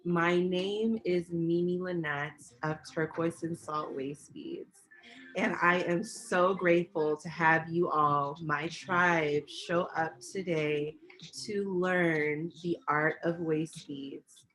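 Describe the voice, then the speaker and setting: A woman craft instructor greeting a big online class, excited and bubbly and laughing often, on a webcam mic. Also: lowish voice, slow, slight background noise, rough recording.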